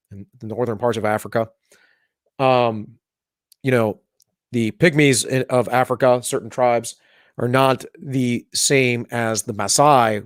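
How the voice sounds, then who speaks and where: A man's voice: mid-range voice, no echo. Sarcastic man reading headlines, dry mic. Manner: sarcastic, mocking, slips into mock voices. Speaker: co-host of a live talk show. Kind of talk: casual political banter, reading headlines aloud.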